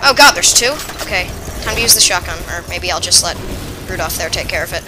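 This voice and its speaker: A woman giving chatty, excitable, rambling commentary while playing a video game. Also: on the low side, fast talker, music in the background, low-quality recording. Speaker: let's play gamer. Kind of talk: casual gameplay commentary.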